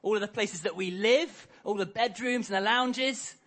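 A man's voice: sits high, normal speed, fairly bright tone. A man preaching a harvest sermon, telling a story and acting out the characters' lines.

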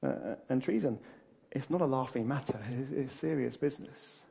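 Animated husky man preaching. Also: medium pitch, normal speed. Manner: animated, laughing often, many restarts and fillers. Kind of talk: sermon.

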